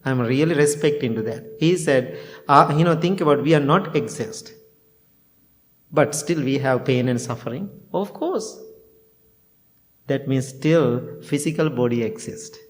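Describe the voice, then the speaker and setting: Chuckling monk giving a homely talk. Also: male voice, medium pitch, a little slow, a little hiss or hum. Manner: plain simple phrasing with chuckles, acts out both sides of conversations. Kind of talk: informal dharma talk to a temple group.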